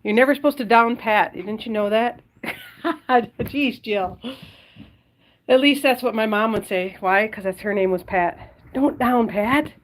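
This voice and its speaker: A woman from Wisconsin hosting a casual live stream. She chats with her viewers and breaks into a high sing-song voice when she talks to her dogs. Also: measured pace, a little hiss or hum. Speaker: livestream host.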